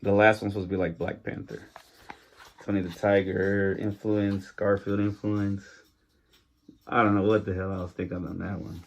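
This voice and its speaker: A man's voice: on the low side, little pitch movement, normal speed, creaky, highs cut off. A man hosting his own podcast in loose, rambling casual chat, jittery from coffee, with lots of fillers and restarts. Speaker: podcast host.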